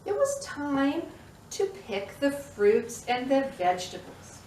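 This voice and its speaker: A woman telling a storytime tale to toddlers, an expressive storyteller who makes the animal noises herself. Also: high-pitched, takes it slowly, slight background noise. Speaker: children's librarian. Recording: echoey room, mic at a distance.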